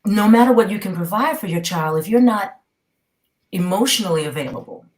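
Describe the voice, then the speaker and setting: With slight background noise behind her, this woman talks briskly and animatedly at medium pitch. She's a middle-aged New Yorker of Southern origin, a guest in a relaxed conversation who tells her stories with emphasis and repeatedly asks "okay?"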